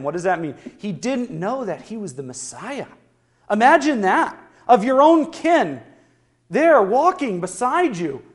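Preacher, man, high voice; questions the congregation, booms out scripture slowly. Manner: slow, declaring rise on scripture quotes; asks the listeners questions. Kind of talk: sermon.

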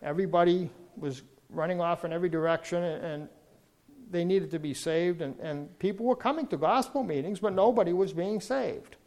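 A male preacher with a notably high voice delivers a sermon. He tells his story earnestly and builds to fervent, emphatic appeals. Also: moderate pace, darkish tone.

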